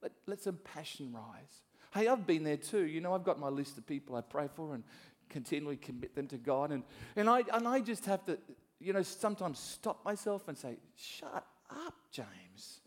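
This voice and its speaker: A middle-aged man from Australia preaching a sermon as a pastor, swinging between soft asides and loud emphasis. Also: fairly high pitch, fairly quick.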